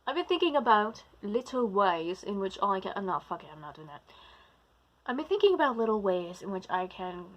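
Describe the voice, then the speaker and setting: A woman's voice: mid-range voice, big pitch swings, brisk, lo-fi sound. Rambling woman, mock British accent. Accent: slipping into a put-on British-like accent. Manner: rambling, loses her train of thought, trails off and restarts. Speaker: vlogger, practicing witch and druid. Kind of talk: casual talking-to-camera vlog. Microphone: camera recording herself.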